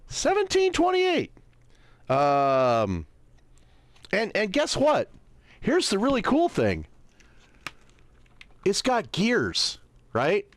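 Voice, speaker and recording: On a dry recording, a man with a slightly high voice hosts a livestream, mocking and sarcastic as he browses. He squints at tiny text, reads it out haltingly, and keeps tossing out rhetorical questions like "right?"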